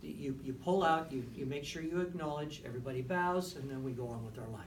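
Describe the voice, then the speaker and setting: A music clinician with a mid-range voice, speaking a little fast, coaches a brass ensemble in a rehearsal room. He's encouraging and tacks "right?" or "okay?" onto almost every point. The sound is roomy and distant, with faint background noise.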